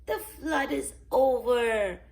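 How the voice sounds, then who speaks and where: A woman voicing a kindly grandmother pig in a read-aloud picture book, bright and helpful. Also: a little high, slow, voice pushed up. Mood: friendly.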